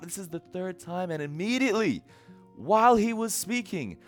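Male pastor, casual sermon, animated pitch, acts out the story's lines, faint music underneath. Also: normal speed.

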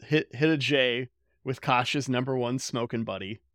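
A man's voice: mid-range voice, unhurried, no room sound, studio quality. A young man co-hosting a podcast, casually and jokingly recapping a TV episode. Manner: joking, animated, does voices. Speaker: podcast co-host. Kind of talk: casual chat recapping a TV show.

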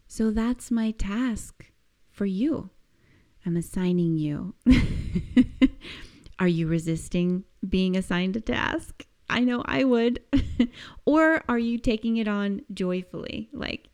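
A woman coaching listeners through a reflective self-help exercise, speaking gently and searchingly with frequent soft laughs. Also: medium pitch, takes it slowly. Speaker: coach giving a weekly task.

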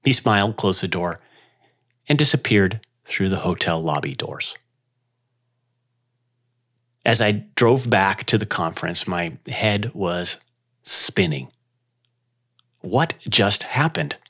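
A man who owns a yoga studio, telling a personal story in an unhurried, reflective way with dramatic pauses. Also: deep voice, animated, a bit bright.

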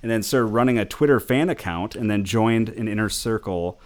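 Rambling, low-voiced male podcast host. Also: moderate pace. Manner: rambling, self-correcting, laughs often. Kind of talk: casual podcast chat.

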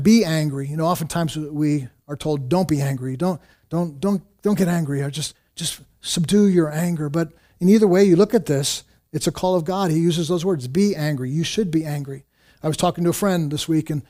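A man preaching a sermon, earnest, often repeating words and restarting, rising in pitch and force when he urges. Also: a little mellow. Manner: rises in pitch and volume when exhorting. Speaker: pastor.

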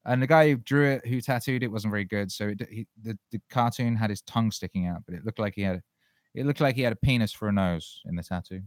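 Man host, lowish voice, dry close sound, loose sweary rambling chat. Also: fast, no room sound. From England. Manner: loose, profane, rambling with frequent restarts. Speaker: podcast host answering listener questions. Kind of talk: casual solo chat.

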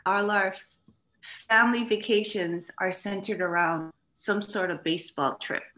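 Speaking a little slowly in a medium-pitched voice, a middle-aged Hawaiian woman shares casual stories as a talk show guest. She animatedly performs other people's quoted lines, and the studio sound is roomy and echoey.

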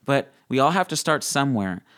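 Young male guest, excitable storyteller who jumps into a high voice for quotes and laughs a lot. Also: fairly quick. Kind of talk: animated faith testimony in an interview.

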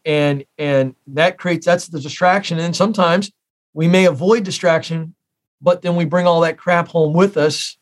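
A man in his forties from the United States, a career expert telling stories as an interview guest, emphatic and repeating key phrases for effect. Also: a little high. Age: 40s. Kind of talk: interview storytelling.

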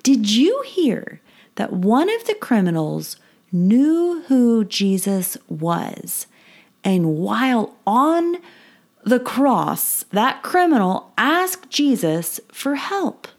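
A woman's voice: a little high, very animated, extremely slow. Enthusiastic woman teaching a Bible lesson. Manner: enthusiastic, emphatic, repeats key points. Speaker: Bible teacher and podcast host. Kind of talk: kids' Bible lesson podcast.

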